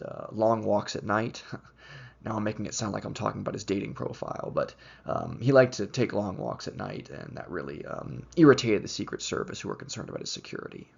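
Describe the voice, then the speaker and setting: A man giving a recorded history lecture, explaining at an unhurried pace with plenty of ums and uhs. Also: fairly low pitch, vocal fry, slightly rough, highs cut off.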